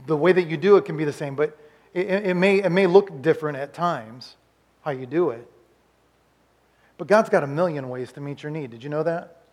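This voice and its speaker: A male pastor delivering a sermon in a voice pitched a bit above average. He pushes hard and loud on his points, then drops to a quiet, confiding tone, often restarting words as he goes. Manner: swings between loud urging and quiet confiding, with frequent restarts.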